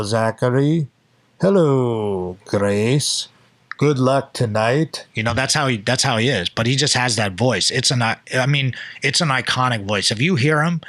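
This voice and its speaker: A young man casually telling a loose, profane story on a podcast, jumping into quick impressions of people. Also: mid-range voice, sharp tone, no room sound.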